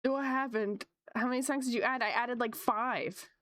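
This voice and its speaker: A woman art streamer chatting casually with her viewers, upbeat and laughing often, her voice jumping high when excited, with a slight cough from a coming sore throat. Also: moderate pace. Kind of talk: casual chat with live chat viewers.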